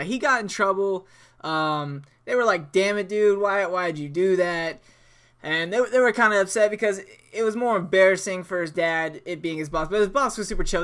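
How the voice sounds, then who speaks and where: A young man with a smooth, clean voice tells a story in a loose, easygoing way while he plays a game. He swears freely, laughs often and backtracks over his words as he goes. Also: high voice, fairly bright tone. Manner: rambling with frequent restarts. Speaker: gaming channel host. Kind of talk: casual storytelling over gameplay.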